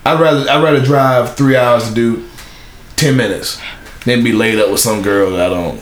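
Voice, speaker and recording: A man's voice: mid-range voice, moderate pace. A young man telling rambling, profane stories in casual podcast chat, with lots of restarts and laughter. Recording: echoey room with faint hiss.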